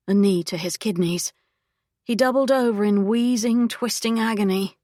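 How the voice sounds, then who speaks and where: A woman reads an audiobook aloud with a steady, even storytelling delivery. Her voice is mid-range and her pace moderate, recorded at studio quality with no room sound.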